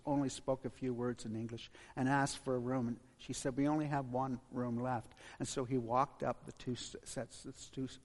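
Preacher with a long hall echo. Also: male voice, medium pitch. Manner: halting, with frequent restarts. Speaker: pastor. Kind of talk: sermon storytelling and closing prayer.

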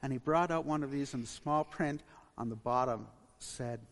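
A man preaching a sermon in a halting, storytelling way with frequent restarts, then leading a closing prayer. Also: mid-range voice. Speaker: pastor. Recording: long hall reverb.

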